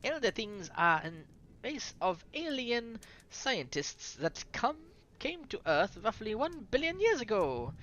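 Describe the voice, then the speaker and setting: A streamer voicing a scholarly lecturer from a visual novel in a slow, measured way. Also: medium pitch, very animated, a bit bright, muffled recording, voice pushed up. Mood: lecturing. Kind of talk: reading a visual novel aloud.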